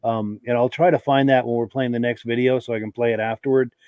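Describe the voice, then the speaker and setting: A male podcast host with a cold is losing his voice and coughs as he reads viewer comments on a live show. He chats in a relaxed way with many fillers, speaking fast at medium pitch. His tone is clean with no echo, though the audio is dull.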